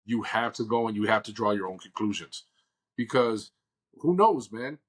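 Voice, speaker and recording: Laid-back lower-voiced man co-hosting. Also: lively intonation, moderate pace, fairly bright tone. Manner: laid-back, uses filler like "dude" and "you know". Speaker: podcast co-host. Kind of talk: casual chat.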